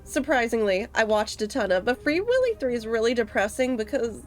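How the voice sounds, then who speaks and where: Giggly, high-voiced woman streamer. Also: big pitch swings, brisk, soft background music. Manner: giggly, rambling, playful. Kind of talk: casual gameplay commentary.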